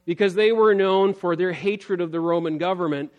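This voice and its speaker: An earnest pastor preaches a sermon at a moderate pace, his somewhat high voice rising on key points and then sinking low and quiet. He reads scripture aloud in that same steady preaching voice. The sound is lo-fi.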